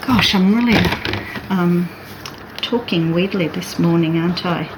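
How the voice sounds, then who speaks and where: A woman's voice: lowish voice, unhurried, heavy background noise. A woman artist chatting casually and thinking aloud as she sketches and paints. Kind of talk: casual chat while drawing.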